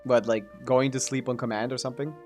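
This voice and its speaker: A man's voice: medium pitch, level tone, quick pace, music in the background. A man streaming a video game, commenting casually in a rambling, joking way and laughing often.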